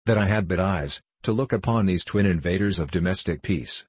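A man's voice: deep voice, a little fast, slightly rough, dry recording. Man doing a sly fawning blind host. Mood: fawning flattery. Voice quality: flattering, mock-grand speech. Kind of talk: audiobook character reading.

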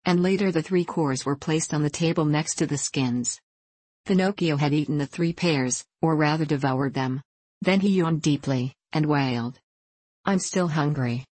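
A woman narrating a children's storybook in a steady, measured reading voice. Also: deep voice, husky, no echo. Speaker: audiobook narrator.

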